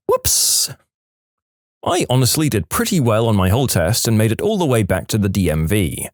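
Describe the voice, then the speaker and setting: A man reading reddit stories aloud, with lively storytelling and punchy asides. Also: lowish voice, no echo, clean studio sound. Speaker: narrator.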